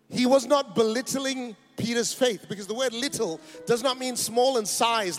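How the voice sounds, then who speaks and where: High-voiced man preaching emphatically. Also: a little fast, soft background music. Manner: emphatic, rising to a rousing preaching cadence with joking asides. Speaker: pastor. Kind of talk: sermon. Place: church auditorium.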